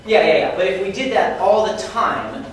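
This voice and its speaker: A man teaching a Bible lesson to students, lively and quizzing the class with questions. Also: high-pitched, normal speed. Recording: echoey room, mic far off, faint noise.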